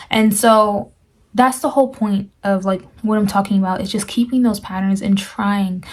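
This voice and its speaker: A woman's voice: mid-range voice, fairly even intonation, normal speed, darkish tone. A young woman sharing a personal Christian testimony in a casual, earnest way, urging listeners with repeated phrases and frequent fillers.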